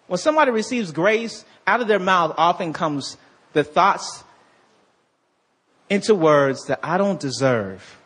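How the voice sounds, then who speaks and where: Husky-voiced preacher, high and animated. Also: male voice. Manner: animated preaching, swinging from low slow reading to high excited asides; calls out to the congregation for responses. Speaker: pastor. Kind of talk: sermon.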